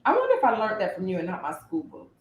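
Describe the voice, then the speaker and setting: Co-hosting a laid-back podcast, this woman, a therapist by profession, speaks quickly in a mid-range voice. She's lively and reflective, at times searching for the right word. There's a roomy echo.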